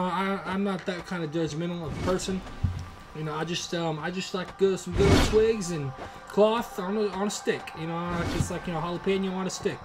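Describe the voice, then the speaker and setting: A young man playing a horror game and rambling sarcastically to viewers, with lots of fillers and swearing, recorded at home. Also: on the high side. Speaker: gaming YouTuber. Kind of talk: horror game let's play commentary. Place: room in a shared home.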